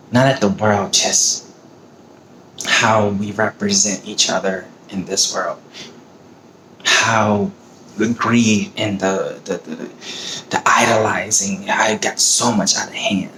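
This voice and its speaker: A man's voice: lowish voice, steady tone, a little slow, a bit bright, a little hiss or hum. A man on his own video giving a heated, profane, emotional rant about politics. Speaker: vlogger. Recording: roomy echo, faint ambience.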